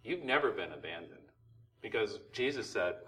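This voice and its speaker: Male preacher, sermon delivery, sharp bright tone, recorded from a distance. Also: medium pitch, expressive, measured pace. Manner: preaching with rising and falling intensity, rhetorical questions. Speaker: pastor.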